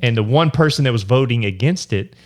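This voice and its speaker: A man's voice: mid-range voice, animated, brisk. A man co-hosting a casual podcast chat, joking bluntly and swearing freely. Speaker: podcast co-host.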